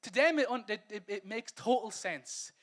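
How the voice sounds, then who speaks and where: At a church service, an Irish pastor with a notably high voice preaches in a lively, loose, conversational style at a moderate pace. He acts out snippets of dialogue and quotes, laughs at his own asides, and drives his point home with repeated phrases.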